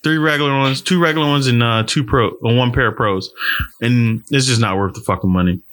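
A man's voice: mid-range voice, a little fast, fairly bright tone. A man talking casually and profanely on a remote video call, ranting in an exasperated way through an earbud mic from home. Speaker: podcast co-host. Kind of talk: casual chat. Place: at home, indoors.

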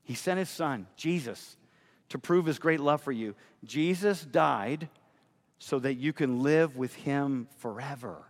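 A man's voice: medium pitch, a little slow, in a large hall. A pastor preaching a sermon with rising emphasis, his voice carried through a large church sanctuary.

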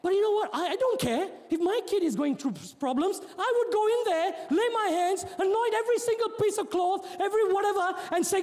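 High-voiced preaching pastor, man. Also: fairly quick, hardly any pauses, some chatter behind. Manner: preaching with joking asides, rising to shouts; repeats and restarts words. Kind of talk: sermon. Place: church hall. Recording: long hall reverb.

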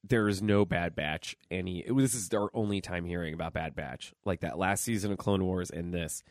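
A man co-hosting a podcast, joking in quick casual banter. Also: sits low, no room sound, clean studio sound. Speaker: podcast co-host. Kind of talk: casual chat.

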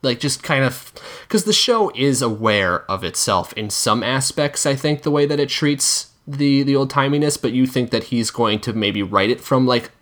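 Man, mid-pitched voice, jokey, animated, casual podcast chat. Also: moderate pace, few pauses. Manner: jokey, animated, squeals when joking. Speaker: podcast co-host.

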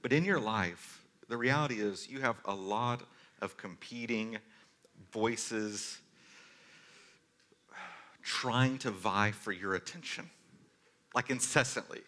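A man in his thirties preaching a sermon as pastor, telling stories earnestly and moving between forceful and hushed delivery. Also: on the low side, slow pace, pauses often. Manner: earnest storytelling, varies loudness from forceful to hushed.

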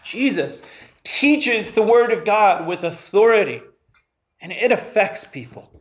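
Slow-preaching man with a high voice. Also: lively intonation. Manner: earnest, asks the congregation questions. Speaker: pastor. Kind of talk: sermon.

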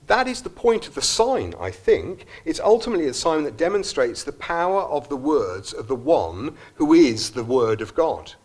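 Animated earnest male preacher. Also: a little high, normal speed, few pauses. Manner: earnest, reflective, with some restarts. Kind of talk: sermon. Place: church service.

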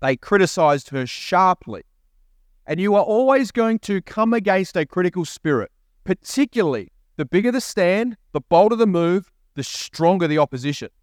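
Pastor preaching a sermon, dry sound. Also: male voice, sits high, lively intonation, moderate pace, no room sound. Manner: preaching with emphatic repeats and rising questions. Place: church.

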